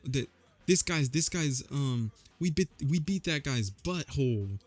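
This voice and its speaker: A man mimicking a teenage boy's flat, monotone, slang-heavy movie lines. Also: medium pitch, unhurried, soft background music. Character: teen boy with flat goofy lines.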